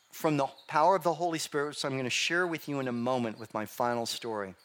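A man's voice: mid-range voice, quick pace, few pauses. Man preaching through a personal story. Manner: storytelling, lively emphasis, quotes dialogue.

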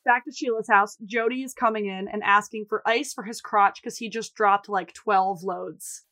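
A woman co-hosting a podcast, recapping a TV episode in casual chat and telling the plot briskly. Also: medium pitch, steady tone, sharp tone. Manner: brisk storytelling, quotes characters in put-on voices. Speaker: podcast co-host.

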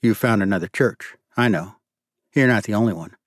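A male narrator voicing a calm, earnest reverend who speaks gently and evenly. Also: fairly low pitch, normal speed, no room sound, studio quality, lightly acted.

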